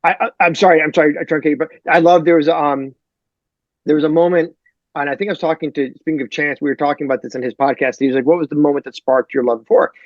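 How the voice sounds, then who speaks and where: A man from Detroit, a novelist guest on a podcast, talking in a rambling, animated way full of fillers. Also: a little high, quick pace, no echo, dull audio. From Detroit, USA. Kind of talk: casual podcast chat.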